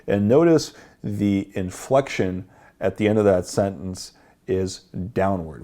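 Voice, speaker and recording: A man's voice: low-pitched, unhurried, dark tone. A man explaining techniques in a confident, blunt instructional voice-over, swearing casually. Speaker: dating coach.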